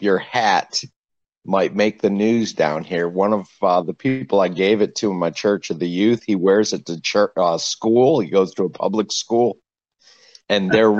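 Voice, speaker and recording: Low-voiced pastor on a dull call-in line. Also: male voice, a little slow, no room sound. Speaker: pastor calling in. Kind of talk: casual call-in chat.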